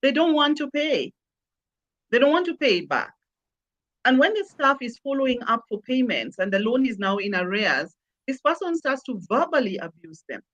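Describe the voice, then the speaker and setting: Woman, emphatic, repeats phrases for emphasis, fairly high voice, dull lo-fi sound. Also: big pitch swings, moderate pace, fairly bright tone. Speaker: customer experience consultant, guest. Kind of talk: conversational interview.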